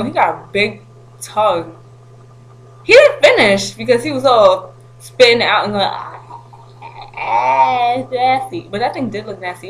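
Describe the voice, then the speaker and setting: A woman vlogging to camera, telling a story in an animated, slangy way with frequent laughter. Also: mid-range voice, a little hiss or hum, poor audio.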